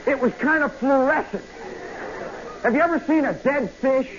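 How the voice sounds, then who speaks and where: A man telling a comic story in a live radio monologue, swinging from hushed asides to loud yelps. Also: extremely high pitch, moderate pace, a crowd in the background. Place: nightclub stage. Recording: muffled vintage radio broadcast with hiss.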